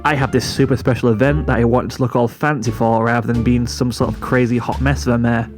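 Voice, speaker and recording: A man's voice: mid-range voice, steady tone, quick pace, faint music behind, lightly acted. A man reading a fan story, voicing a cheerful, oddly formal female kirin. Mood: bubbly. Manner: bubbly, formal and rambling. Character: cheerful, odd-talking female kirin mare.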